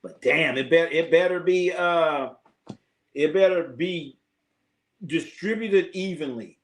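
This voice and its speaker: A man's voice: on the high side, takes it slowly. A man hosting a casual sports livestream. He reads out viewer comments, rambles, repeats himself, swears and laughs often. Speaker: sports talk livestream host. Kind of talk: casual live-stream chat reading viewer comments.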